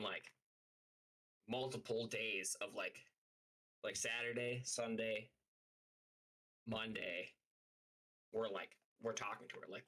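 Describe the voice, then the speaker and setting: A man's voice: mid-range voice, takes it slowly, long pauses, bright, forceful tone, low-quality recording. Profane young man telling a rambling story. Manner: profane, rambling, heavy use of "like". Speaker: streamer. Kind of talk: casual storytelling.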